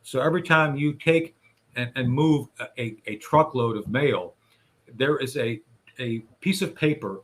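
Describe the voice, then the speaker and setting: This male radio talk show guest has a mid-range voice and takes his time. He recounts events in sequence, talking straight to the hosts in a conversational storytelling style.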